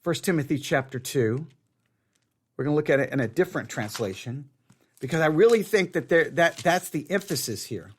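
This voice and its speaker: Earnest male Bible study teacher, high and very animated voice, stumbles and restarts, repeats for emphasis. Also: fairly quick, slight background noise.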